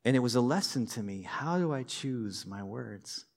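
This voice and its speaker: A man preaching a sermon in a conversational, lively way, with personal stories and light humor. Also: medium pitch, normal speed, gravelly. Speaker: pastor.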